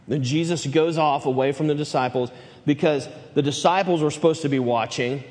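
A man preaching a sermon, swinging between loud emphatic build-ups and hushed lines. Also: mid-range voice, expressive, a little fast, in a large hall, a little hiss or hum. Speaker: pastor.

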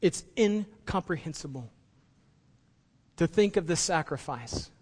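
A man's voice: a little high, animated, measured pace, a little mellow, breathy edge, big-room sound. A man preaching a sermon as pastor, impassioned and building to emphatic peaks.

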